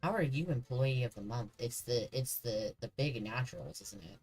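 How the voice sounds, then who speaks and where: A man's voice: mid-range voice, animated, moderate pace, darkish tone, faint music behind, rough recording. A man streaming a horror game, chatting casually and joking with the characters on screen. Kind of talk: casual gameplay commentary.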